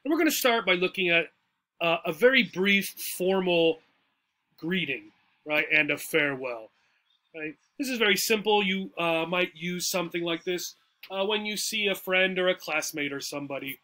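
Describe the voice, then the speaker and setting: Man, english teacher, high-pitched, chatty explaining, frequent comprehension checks. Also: animated, normal speed, pushed and bright. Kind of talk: explaining a textbook dialogue.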